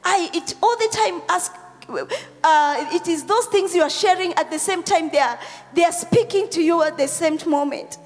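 A Kenyan woman pastor preaching a Sunday sermon, tearful and emotional, swinging between loud calls and whispered prayers. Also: extremely high pitch, moderate pace. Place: church hall. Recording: long hall reverb with faint music.

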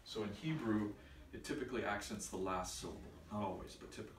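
A man's voice: on the low side, fast talker, slight background noise. A man teaching a church confirmation class, patiently explaining and quizzing his students. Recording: echoey room from far off.

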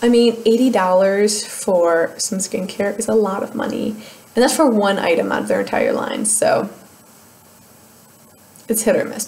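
A woman's voice: a little high, darkish tone. A young woman in a casual beauty vlog, chatting and laughing as she goes through used-up products at home. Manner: chatty, self-mocking, laughs between remarks. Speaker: beauty vlogger.

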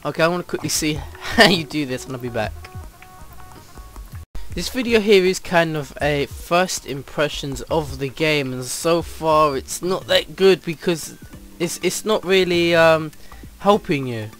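A man's voice: fairly high pitch, a little slow, a bit bright, soft background music. A man giving casual let's play commentary at his computer, rambling and flustered, with lots of ums. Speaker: gamer.

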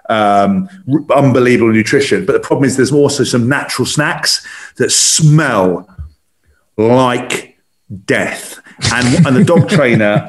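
A man chatting as a podcast guest over a video call, rambling with lots of fillers. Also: medium pitch. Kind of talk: casual chat.

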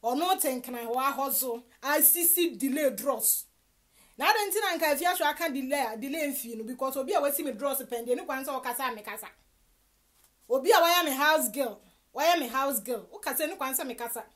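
A Ghanaian woman giving animated gossip commentary, mixing Twi and English with loud exclamations. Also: sits high, quick pace.

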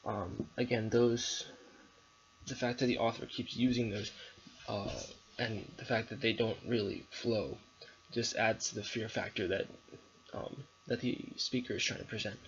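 A young male student with a lowish voice talks at a measured pace and fairly even intonation. His recorded analysis of a poem is hesitant, riddled with ums and restarts, and the lo-fi recording sounds dull with a little background noise.

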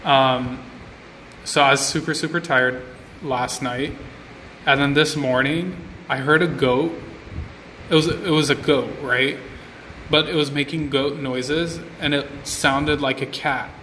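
A man's voice: mid-range voice, fairly even intonation, measured pace, pauses often, sharp tone, a little hiss or hum. Chatty young man on a roomy phone live stream. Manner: chatty, rambling, repeats himself with lots of likes. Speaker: vlogger on an Instagram live stream. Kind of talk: casual live-stream chat. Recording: roomy phone audio with a long reverb tail.

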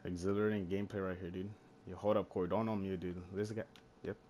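A young man streaming a battle royale game, casually teasing his friend and ordering him to hush. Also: low-pitched, little pitch movement, quick pace. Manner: teasing, bossy, drops to a hush then shouts. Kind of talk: casual gaming chat. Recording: faint background noise.

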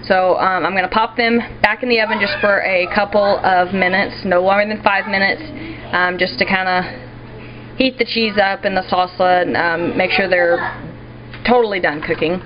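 A woman's voice: mid-range voice, steady tone, normal speed. A woman with a Southern US accent, chatting casually through dinner prep for her family vlog, rambling with lots of ums and likes. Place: home kitchen. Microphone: handheld camera. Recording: lo-fi home video with family chatter.

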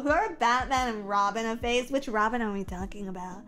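A young adult woman livestreamer chatting casually, reading viewer comments aloud and reacting in an animated, profane, self-mocking way. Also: a little high, a little fast, few pauses, soft background music.

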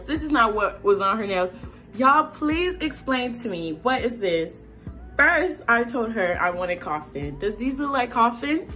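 A woman vlogger in a casual rant, animated and exasperated, talking with lots of slang. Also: a little high, unhurried, soft background music.

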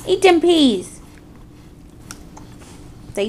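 A woman's voice: sits high, expressive, slow pace, a little hiss or hum. A woman filming her toddler at dinner with a handheld camera, coaxing him in playful, sing-song baby talk.

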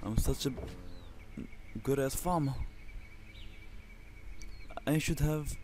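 A man from Lebanon hosting his own channel, giving excitable, profanity-heavy commentary on a survival game and talking trash at the enemies. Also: medium pitch, slow pace, soft background music. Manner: excitable, swears constantly, talks to the enemies. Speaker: gaming channel host.

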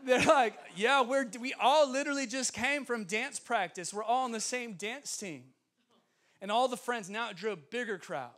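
A young man preaching from a church stage, his voice high and bright. He tells stories with bursts of laughter and plays the voices of the people in them. Both delivery and tone stay animated throughout. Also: moderate pace. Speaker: guest preacher. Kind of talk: sermon storytelling. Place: church sanctuary.

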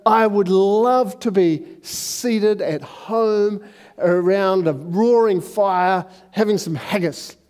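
A man telling a joke voices a homesick Scotsman who lingers over every word of his wish. The voice is high-pitched and the delivery is unhurried. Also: darkish tone, long reverb tail. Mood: longing. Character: hungry Scotsman, adult male, homesick.

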